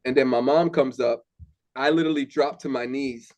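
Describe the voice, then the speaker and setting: A man's voice: mid-range voice, fairly even intonation, normal speed, darkish tone. A young man telling his faith story in casual talk, candid and earnest, with many fillers. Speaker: interview guest. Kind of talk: casual testimony.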